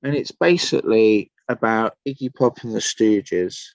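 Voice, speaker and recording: A man's voice: fairly low pitch, a little slow, creaky, no echo, dull audio. An English man from Somerset, a musician guest telling rambling, enthusiastic stories in a casual podcast chat. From Somerset, England. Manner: rambling, enthusiastic storytelling with many fillers.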